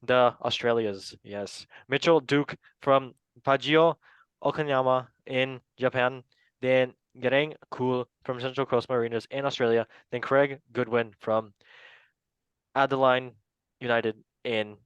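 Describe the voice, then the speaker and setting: A man's voice: mid-range voice, steady tone, a little slow, a bit bright, clean tone, no room sound, lo-fi sound. Playful man reading names, laughing. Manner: playful, laughs often, stumbles over names. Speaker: podcast host. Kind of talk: casual chat.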